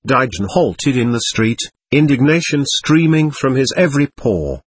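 A man reading a first-person memoir aloud as scripted narration, measured and formal. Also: mid-range voice, big pitch swings, slightly rough, no echo. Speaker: audiobook narrator.

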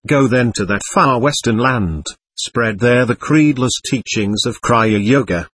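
Give me a man reading a stern elderly father with a husky voice, solemn and measured, in a dry audiobook recording. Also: medium pitch, a bit bright, dry recording. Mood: grave.

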